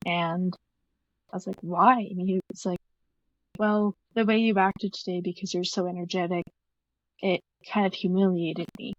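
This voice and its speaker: A woman's voice: on the low side, a little mellow, dry recording, dull audio. A young adult woman guest earnestly retelling a painful past relationship in casual talk, replaying old conversations. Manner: earnest, quotes past conversations, many fillers. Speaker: podcast guest. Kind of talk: personal story, casual retelling.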